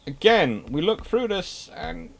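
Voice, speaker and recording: A man's voice: high-pitched, big pitch swings, slow pace, creaky, fairly bright tone. A man giving an unscripted naval history talk, emphatic, repeating words for stress and adding dry asides.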